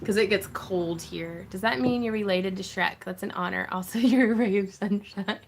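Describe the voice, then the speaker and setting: A woman's voice: mid-range voice, normal speed, slight background noise. Giggly woman hosting a craft livestream. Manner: giggly, laughs often, gushing; chatty and effusive. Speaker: craft channel host. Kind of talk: casual livestream chat.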